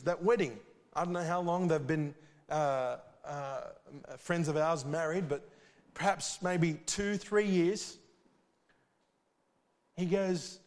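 A man preaching a sermon, earnest and urgent, with sudden loud swells and soft drops. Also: sits high, in a large hall.

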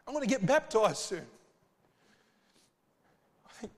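Man, preacher, sermon, earnest, swells and drops, slightly high voice, long hall reverb. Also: very animated, measured pace, pauses often. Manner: earnest, urgent preaching with sudden loud swells and soft drops.

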